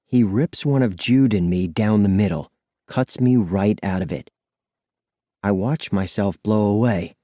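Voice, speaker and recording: A man narrating an audiobook in the first person, expressive and lively in his storytelling. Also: on the low side, measured pace, dry recording, studio quality.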